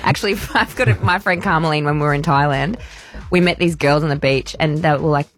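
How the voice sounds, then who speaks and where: A woman's voice: sits low, fast. A woman co-hosting a radio show, chatting casually and laughing through her stories. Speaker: radio co-host.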